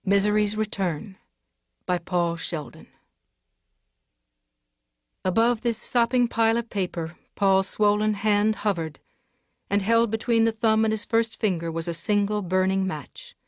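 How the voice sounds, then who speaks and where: Casting: woman, mid-pitched, steady audiobook narrator, dry close recording. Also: unhurried, long pauses, no room sound. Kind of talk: dramatic audiobook reading.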